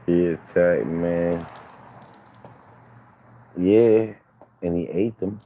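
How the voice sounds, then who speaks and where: A man's voice: deep voice, very slow, warm tone, highs cut off, slight background noise. A man hosting a casual livestream, teasing and joking with his viewers. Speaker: livestream host.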